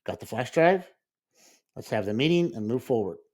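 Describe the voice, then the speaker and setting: A man in casual podcast chat, a school librarian telling an animated story and acting out his own reactions. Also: medium pitch, moderate pace.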